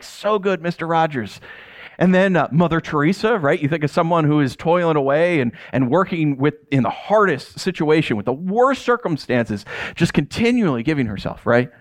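Male pastor, middle-aged, lively storyteller with a wide-ranging, slightly high voice. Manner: storytelling, animated, acts out dialogue. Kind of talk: sermon.

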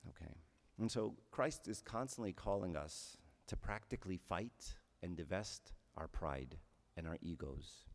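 A man's voice: sits low, animated, unhurried, hardly any pauses, in a large hall. A man giving a conversational homily as a priest, often checking in with his listeners with "right?".

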